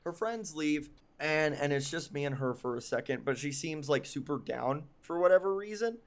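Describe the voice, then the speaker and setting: A man's voice: fairly high pitch, expressive, normal speed. A young man telling a long personal story on a podcast, casual and rambling, full of ums and likes, and often mocking himself. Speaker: podcast co-host.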